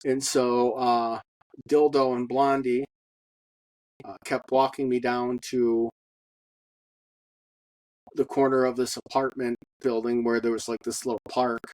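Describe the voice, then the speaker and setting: A man talks through his own story in a halting, unpolished monologue. He stops often on ums and uhs and swears bluntly. His voice sits at a middling pitch and comes across dry, with no room sound around it. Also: level tone, a little mellow, no room sound, low-quality recording. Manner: halting, with many fillers and blunt profanity. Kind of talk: personal testimony monologue.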